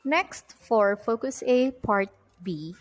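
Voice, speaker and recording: A woman's voice: on the high side, lively intonation, takes it slowly, soft background music, low-quality recording. A woman teaching an English test-prep lesson in an explanatory way, stressing key terms as she goes. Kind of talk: recorded lecture.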